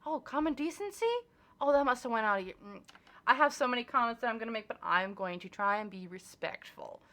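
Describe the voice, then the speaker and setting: A young woman giving a casual monthly tarot reading, blunt and animated, swearing freely and acting out little exchanges as she goes. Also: on the high side, a little fast. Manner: animated and emphatic, acts out little dialogues. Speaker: tarot reader.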